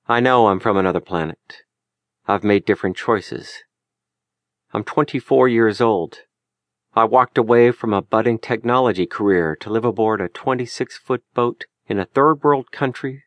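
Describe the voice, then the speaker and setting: Male audiobook narrator, somewhat low, unhurried and lyrical, dry booth. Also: no echo. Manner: measured, lyrical, deliberate delivery. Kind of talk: scripted memoir narration. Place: recording studio. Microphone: close studio mic.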